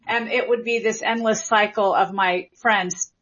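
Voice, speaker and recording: A Gen X woman from Memphis with a light Southern accent, a linguist answering interview questions in a chatty, animated way with many fillers. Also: medium pitch, a little slow, dull audio. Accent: light Southern American. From Memphis, Tennessee. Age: Generation X. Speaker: linguist guest.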